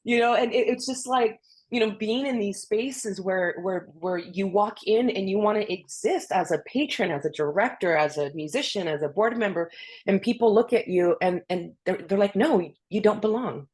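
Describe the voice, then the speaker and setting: A woman speaker on a video call, telling personal stories in a casual, animated way, full of "you know" and restarts. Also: medium pitch, moderate pace. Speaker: guest speaker, orchestra conductor. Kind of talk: casual storytelling on a video webinar.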